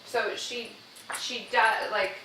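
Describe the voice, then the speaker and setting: A woman's voice: fairly high pitch, fairly even intonation, takes it slowly. A woman who owns a dog, hesitantly explaining her habits to a trainer with many fillers. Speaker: dog owner, client. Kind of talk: casual conversation. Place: home room. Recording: echoey room, far from mic, noise.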